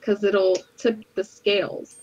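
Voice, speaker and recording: A woman's voice: medium pitch, flat delivery, slow pace, darkish tone, dull audio. A woman co-hosting a casual podcast, blunt and playful, with plenty of swearing. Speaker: podcast co-host.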